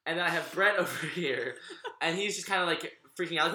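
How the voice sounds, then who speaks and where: A man's voice: a little high, quick pace, pushed and bright, reverberant, slight background noise. A young man co-hosting a casual sibling podcast, rambling through a story and laughing at himself. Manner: rambling, self-deprecating, laughs often. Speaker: podcast co-host.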